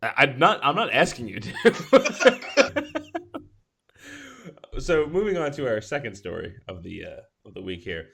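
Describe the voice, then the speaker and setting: A man's voice: medium pitch, big pitch swings, unhurried, creaky, pauses often, sharp tone, a little hiss or hum. A man hosting a podcast in casual chat, enthusiastic, laughing often and restarting his sentences. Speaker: podcast host.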